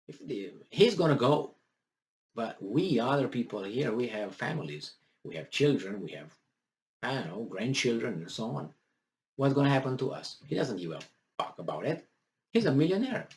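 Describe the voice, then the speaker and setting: A man talking to his viewers in a casual, indignant political commentary, rambling with many fillers. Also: lowish voice.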